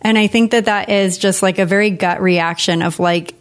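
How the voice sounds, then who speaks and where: Relaxed chatty woman co-host. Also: mid-range voice, normal speed. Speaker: podcast co-host. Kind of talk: casual chat.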